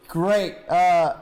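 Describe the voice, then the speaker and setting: Man, slightly high voice, slow, hesitant, lots of ums. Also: darkish tone. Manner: hesitant, full of fillers and restarts. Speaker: tabletop game player.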